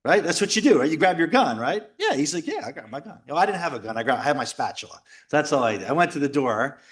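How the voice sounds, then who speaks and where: A middle-aged man tells a story at a men's retreat, joking with the room and acting out other people's lines. His voice sits a little high and swings widely in pitch. He keeps the telling animated throughout. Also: fast talker. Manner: animated, jokey, acts out quoted voices and shouts. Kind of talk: lively storytelling talk. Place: retreat house talk before a live audience.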